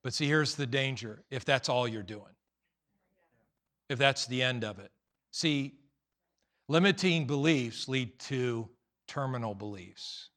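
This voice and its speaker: A pastor preaching a sermon in a church, animated and teasing, acting out voices. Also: male voice, medium pitch, slow pace.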